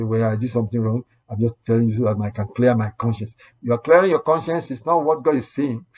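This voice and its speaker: A man's voice: fairly high pitch, darkish tone, breathy edge. A man preaching a sermon, earnest and exhorting, repeating his points and quoting scripture as he goes. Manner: earnest, repetitive exhortation with quoted asides.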